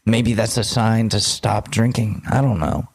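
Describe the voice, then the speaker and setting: Man, late 20s, podcast co-host, casual chat, lowish voice, swears easily. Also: unhurried. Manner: loose, swearing, self-deprecating storytelling.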